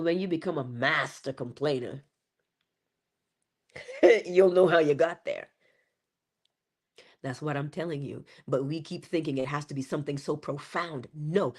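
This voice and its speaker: A woman hosting a live-streamed inspirational talk, speaking in a preacherly way, greeting viewers by name, her voice congested. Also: sits low. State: congested, coughing.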